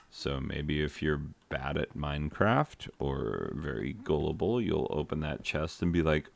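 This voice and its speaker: A man, a teacher, rambling casually over his gameplay with jokes, trailing off and filling pauses with ums. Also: very deep voice, animated, creaky, slight background noise. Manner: meandering, joking, trails off with many fillers. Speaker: teacher making a gaming vlog. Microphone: close desk microphone.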